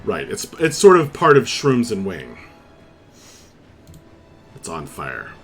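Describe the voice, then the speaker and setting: Over soft background music, a man with a lowish voice runs a tabletop game as dungeon master, taking it slowly. He narrates the action in a lively, descriptive way, with frequent fillers.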